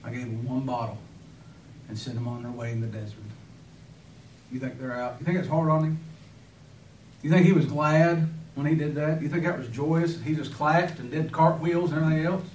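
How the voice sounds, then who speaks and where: A man's voice: on the high side, steady tone, normal speed, long pauses, darkish tone. A man preaching a sermon with fervor, firing rhetorical questions and breaking into sudden emphatic bursts. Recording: echoey room, voice from far off.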